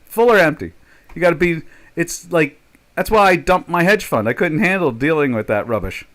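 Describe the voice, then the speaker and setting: A man's voice: a little high, expressive, moderate pace, a bit bright. An older man chatting casually as a trader on a live stream, rambling and joking, with many fillers and restarts. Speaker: trader hosting a live chat.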